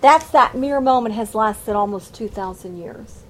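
A woman's voice: a little high, a little slow, fairly bright tone. A woman teaching a Bible study, reading scripture aloud and adding emphatic, folksy commentary.

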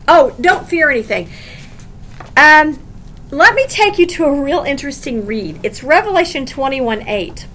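A woman's voice: high voice, fairly bright tone, a little hiss or hum. A woman teaching a Bible lesson as a sermon, reading scripture aloud and driving her points home by repeating them, with conversational asides. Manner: emphatic, repeats phrases for stress, reads scripture aloud.

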